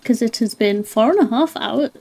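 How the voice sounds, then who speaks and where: Woman, game streamer, high voice, casual playful commentary. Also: lively intonation, moderate pace, a little mellow. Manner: playful, laughs often, apologizes in mock panic.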